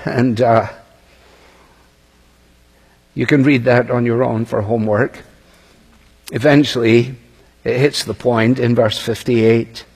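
Slow and given to long pauses, this man has a mid-range, fairly even voice that's a little mellow with a breathy edge. He reads scripture aloud and comments on it conversationally in an expository sermon, recorded with a large hall's long reverb.

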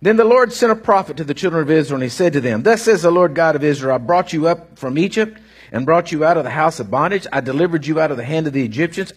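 A middle-aged man, preaching a sermon in an animated, folksy storytelling way with rising bursts and a husky voice. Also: on the high side. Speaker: pastor.

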